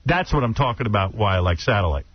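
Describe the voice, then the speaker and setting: Man, mid pitch, husky blunt radio host, muffled lo-fi sound. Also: lively intonation, fast. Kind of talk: casual talk radio banter. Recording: dull lo-fi radio broadcast.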